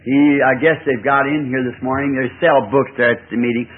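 A man's voice: mid-range voice, fairly even intonation, a little fast, husky. A man, a preacher telling a rambling folksy story in a sermon. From the American South. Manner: folksy, rambling anecdotal delivery with chuckles. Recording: tinny old lo-fi recording.

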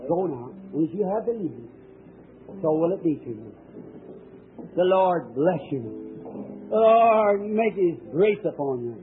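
A man's voice: high-pitched, animated, a little slow, long pauses, faint music behind. A man preaching at a healing service, praying and speaking directly to people one by one in a fervent, emphatic way. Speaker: preacher and faith healer. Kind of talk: healing-service sermon with prayer. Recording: thin, tinny old archival tape.

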